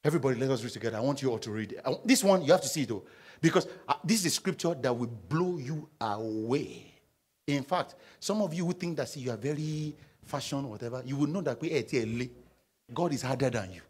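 A man's voice: medium pitch, expressive, fast talker, a little mellow, slightly rough. A man preaching a sermon as pastor, urging his congregation to read scripture aloud with him.

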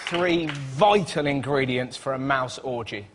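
A man, a comedian, doing a rambling, excitable routine on a panel show. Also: medium pitch, a little slow. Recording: studio noise.

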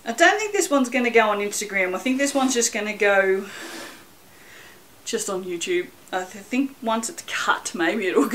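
A woman's voice: a little high, a bit bright, rough recording. A woman talking casually in a rambling, self-mocking way while making soap for her channel, with a bit of light swearing. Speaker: soap maker vlogger. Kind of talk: casual chatty vlog.

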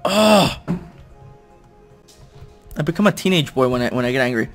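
Excitable young man yelling over a game. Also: fairly high pitch, moderate pace, pauses often, soft background music. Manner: excitable, shouts and groans in frustration, jokes at himself. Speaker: YouTuber playing a video game. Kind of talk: let's play commentary. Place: at home. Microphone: desk microphone.

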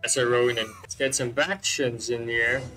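A man giving excitable let's-play commentary, swearing constantly and joking about the characters on screen. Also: mid-range voice, normal speed, soft background music, rough recording. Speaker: gameplay commentator.

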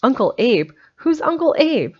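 A woman's voice: high-pitched, very animated, unhurried, a little mellow, breathy edge, pitched above the performer's own voice, exaggerated voice. A woman voicing a sulky, envious street urchin boy with grudging, clipped replies, on a slightly muffled recording.

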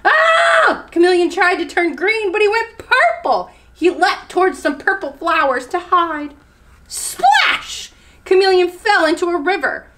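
A woman who is a children's librarian, reading picture books aloud at story time in an animated, expressive way. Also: very high-pitched, moderate pace, hardly any pauses, slight background noise.

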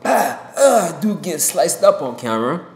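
A rapper giving a heated opinion monologue to camera from a home desk mic, swearing and jumping loud and high for emphasis. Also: male voice, very animated, moderate pace, creaky, roomy sound. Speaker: rapper and commentator. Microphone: desk mic with pop filter.

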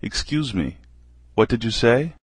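A man reading common English phrases one by one for learners, slowly and with careful enunciation. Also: mid-range voice, lively intonation, breathy edge, dry recording.

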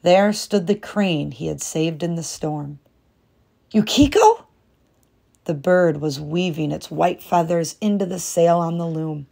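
A woman reading a storybook aloud in calm, measured narration. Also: low voice, creaky. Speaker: storybook reader.

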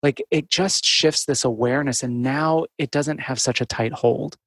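A man co-hosting a podcast on therapy skills, explaining in a casual, animated and playful way. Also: mid-range voice, moderate pace, no echo. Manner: animated, playful, breaks into funny voices. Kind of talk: casual instructional chat.

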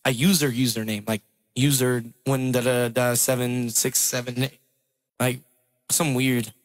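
A man freestyle rapping on a livestream and giving rapid shout-outs to viewers, recorded on a phone mic. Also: mid-range voice, level tone. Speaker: livestreaming rapper. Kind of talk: freestyle rap over a beat on a livestream. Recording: loud hip hop beat behind the voice.

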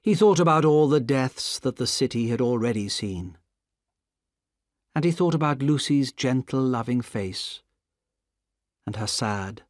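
A man reads a story aloud slowly and deliberately, and his pitch moves a lot. The sound is dry and close. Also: expressive, no room sound. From Indonesia. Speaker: narrator.

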